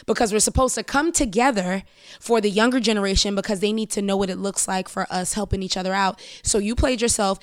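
A woman speaking as a podcast guest in an animated, emphatic way, full of casual slang. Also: medium pitch, fairly quick, no echo, studio quality.

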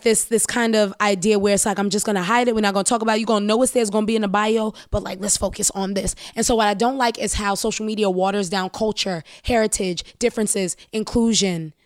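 A woman speaking as a podcast guest in an animated, emphatic way, full of casual slang. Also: medium pitch, no echo, studio quality.

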